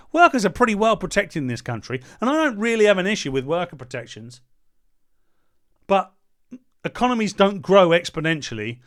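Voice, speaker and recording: A man's voice: sits high, fairly bright tone. A man giving a ranting commentary, reading out points and then mocking them with sarcastic jabs and insults. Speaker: political commentator.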